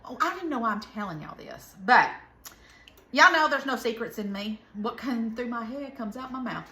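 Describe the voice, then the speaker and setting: A home cooking host in a casual vlog chats to viewers in a Southern American accent, cooking away and slipping into folksy rambles. Her slightly high voice is expressive, pushed and bright at normal speed, in a roomy-sounding space.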